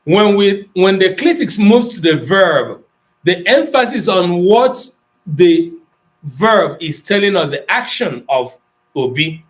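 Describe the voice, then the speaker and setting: A man's voice: high-pitched, animated, slow, rough recording. A middle-aged Nigerian man with an Igbo accent, teaching an online Igbo language class, explaining patiently and calling on students by name. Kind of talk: online class lesson, mixing Igbo and English.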